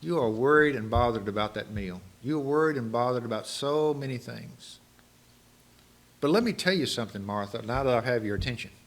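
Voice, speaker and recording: A man's voice: mid-range voice, expressive, fairly quick, lightly acted. A preacher voicing a patient male teacher who insistently repeats a name to get attention and then instructs. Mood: teaching.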